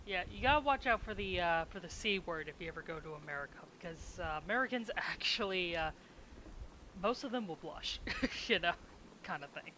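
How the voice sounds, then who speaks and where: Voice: medium pitch, expressive, a little fast, sharp tone, a little hiss or hum, poor audio. A streamer chatting casually with their audience while drawing emotes, rambling and chuckling often.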